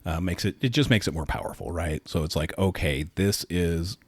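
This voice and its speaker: A man's voice: low voice, normal speed, slightly rough, no echo. A man co-hosting a casual podcast, asking curious follow-up questions with a joking streak. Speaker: podcast co-host.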